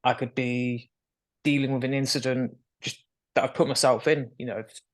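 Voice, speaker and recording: In a candid conversational interview, a young adult man speaks at normal speed with a mid-range voice and fairly even intonation. He tells his story frankly, breaking into nervous laughs here and there.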